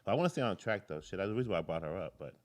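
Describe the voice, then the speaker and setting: Man, live political commentary host, rambling, goes off on tangents, swears casually, lowish voice. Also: sing-song, rapid-fire. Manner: rambling, jumps between tangents, curses freely.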